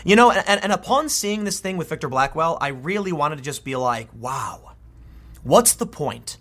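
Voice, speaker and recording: A man's voice: on the high side, lively intonation, fairly quick, bright, forceful tone. A man giving an opinionated commentary monologue, emphatic and often restarting his sentences. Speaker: political commentator.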